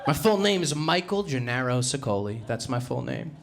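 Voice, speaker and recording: A young man from New Jersey with a Jersey accent, doing a brash, self-mocking stand-up set and punching out loud acted-out quotes. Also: mid-range voice, expressive, a little fast, hardly any pauses. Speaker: stand-up comedian. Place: comedy club stage. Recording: live room with audible crowd noise. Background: audience laughter.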